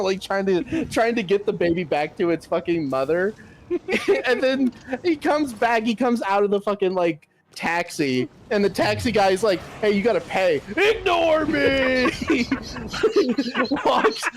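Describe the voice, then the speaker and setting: Male streamer, casual chat; high, very animated voice, cusses freely. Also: slight background noise. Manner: animated retelling, swears constantly.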